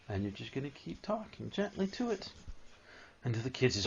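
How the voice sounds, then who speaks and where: A man giving a live spiritual talk to an audience, animated and storytelling, at times acting out a whining child. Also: mid-range voice, brisk, creaky, breathy edge, highs cut off.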